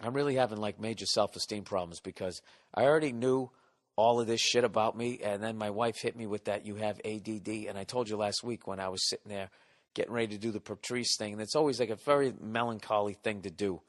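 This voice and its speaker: This podcast host has a lowish voice and a steady tone, talking at a quick pace in a big-room acoustic. He tells a comedic story as a profanity-laden rant, swearing constantly and acting out his own outbursts.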